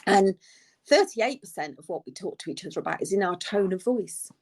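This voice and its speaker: Middle-aged woman, nurse co-host, mid-pitched voice, lively quoting storyteller. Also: a little fast, slight background noise. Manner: animated storyteller, acts out quoted phrases. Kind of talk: casual advice chat.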